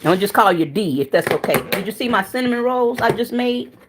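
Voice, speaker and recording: A cooking channel host chats frankly and casually with viewers during a livestream, sounding tired and winded. Her medium-pitched voice is animated and fairly quick, with noise in the background.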